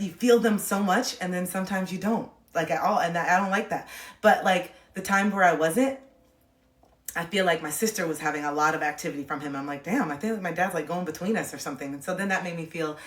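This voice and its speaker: Speaking a little fast and on the low side, this livestream host rambles in a confiding way and leans heavily on "like." She's somewhat off-mic, picked up from a distance in an echoey room.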